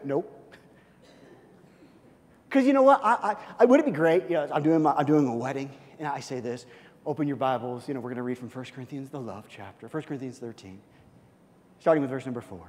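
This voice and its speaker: A man preaching a sermon as pastor, acting out little scenes and swinging from loud, lively bursts to quiet, hushed asides. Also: mid-range voice, a little fast, pauses often, big-room sound. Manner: animated, acts out scenes with big swings in loudness.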